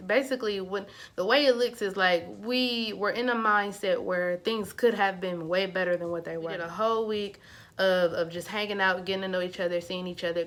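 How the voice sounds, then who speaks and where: A woman vlogger telling a personal story in a casual, animated, chatty way. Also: fairly low pitch.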